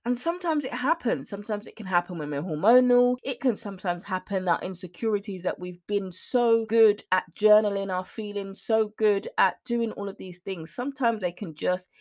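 Woman, podcast coach, earnest and emphatic, mid-pitched voice. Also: moderate pace, hardly any pauses, darkish tone. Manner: earnest, emphatic, at times emotional. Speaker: weight loss mindset coach, podcast host. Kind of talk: motivational solo talk.

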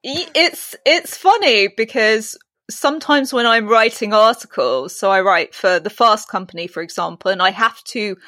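A woman's voice: medium pitch, moderate pace, hardly any pauses, pushed and bright, no room sound. A British woman, a coach appearing as a podcast guest, speaking articulately and laughing easily. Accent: British English. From Britain. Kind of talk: casual interview chat.

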